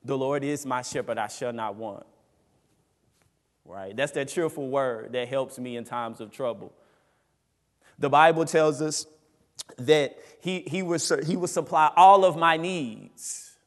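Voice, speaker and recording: A man preaching a sermon as pastor, emphatic, swinging between loud rises and quiet drops. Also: mid-range voice, unhurried, in a large hall. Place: church sanctuary.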